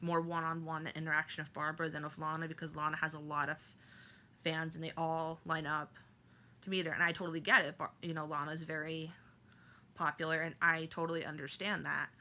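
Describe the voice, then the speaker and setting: Bright-voiced woman telling an emotional story. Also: low-pitched, level tone. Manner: halting, emotional, many fillers and restarts. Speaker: vlogger. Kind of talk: personal storytelling to camera.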